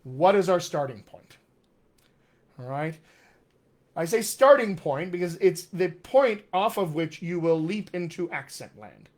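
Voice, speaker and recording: A man's voice: high-pitched, lively intonation, unhurried, darkish tone. A man coaching actors on accents in a live-streamed Q&A, talking with energy and repeating his key points for emphasis. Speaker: dialect coach.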